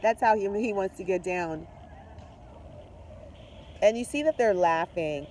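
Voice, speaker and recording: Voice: mid-range voice, a little slow, a little mellow, slight background noise. A tarot reader chatting to viewers while reading the cards, effusive and direct, mixing spiritual talk with slang and swearing. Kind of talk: casual tarot reading to camera.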